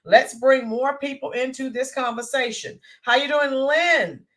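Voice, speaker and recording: A woman hosting a live stream, chatting casually with viewers, greeting them by name and pausing often with fillers. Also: high-pitched, a bit bright. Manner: hesitant with fillers and restarts. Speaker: livestream host.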